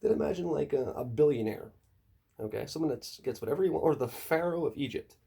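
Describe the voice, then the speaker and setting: A man's voice: quick pace, gravelly, slightly rough. A man telling a rambling, profane comedic monologue full of conspiratorial asides. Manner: jumps to high excited pitch for emphasis.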